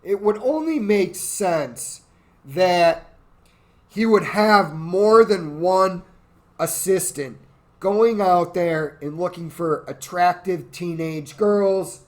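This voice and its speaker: A man's voice: high-pitched, lively intonation, takes it slowly. A tipsy man ranting in a crude, rambling, profane way as host of his own show. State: drunk. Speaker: podcast host. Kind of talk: drunken political rant.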